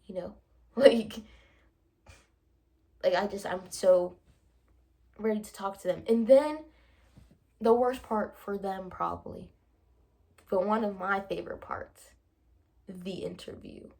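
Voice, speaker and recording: A young woman vlogging in a casual, animated way, playfully acting out both sides of her conversations. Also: medium pitch, measured pace, long pauses. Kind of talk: casual chatty vlog monologue.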